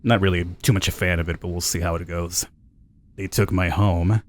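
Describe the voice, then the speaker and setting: A man's voice: low voice, steady tone, moderate pace. A man casually commentating a game playthrough, chatty, thinking aloud and reading notes out. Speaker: gameplay commentator. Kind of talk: let's play commentary.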